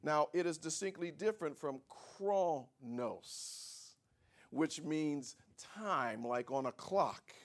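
A man preaching a sermon, teaching word meanings and asking the congregation for responses, swinging from low asides to shouted emphasis. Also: expressive, takes it slowly. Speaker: pastor.

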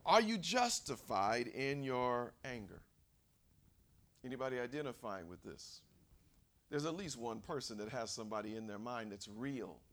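A man preaching a sermon as a pastor, putting questions to the congregation and calling for amens, moving between quiet asides and loud, high preaching. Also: animated, moderate pace. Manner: emphatic, with questions to the congregation and call-and-response.

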